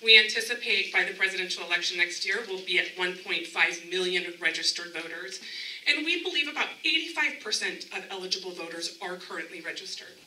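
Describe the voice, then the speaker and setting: A woman's voice: fairly low pitch, expressive, a little fast, bright, forceful tone, slight background noise. A woman, a county elections director, giving an upbeat presentation at a community town hall meeting and chatting with the audience. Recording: echoey room, mic from a distance.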